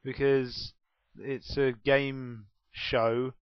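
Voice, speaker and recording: A man's voice: medium pitch, level tone, very slow, clean tone, no echo, highs cut off. A man vlogging casually, answering tag questions in a rambling, self-deprecating way.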